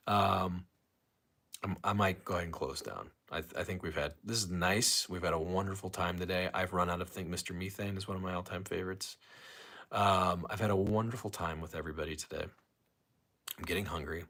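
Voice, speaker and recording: Casting note: deep-voiced male livestream host, loose and rambling, chats with viewers at home. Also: fairly even intonation, normal speed, pushed and bright. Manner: rambling, reads chat comments aloud, many restarts. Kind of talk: casual solo livestream chat.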